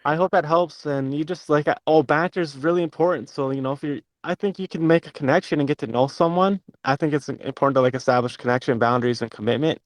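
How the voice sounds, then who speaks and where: A man's voice: on the high side, quick pace, hardly any pauses, dry recording. An earnest man rambles through his advice, full of "um" and "you know." His voice sits a little above the usual range for a man. The sound is close and dry. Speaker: participant in an audio chat room. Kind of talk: casual chat, giving advice.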